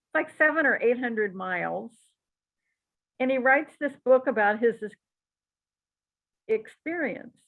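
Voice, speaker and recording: A woman teaching a psychic class in a relaxed, chatty and encouraging way, with frequent asides. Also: a little high. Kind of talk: relaxed spoken class talk. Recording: tinny phone-like audio.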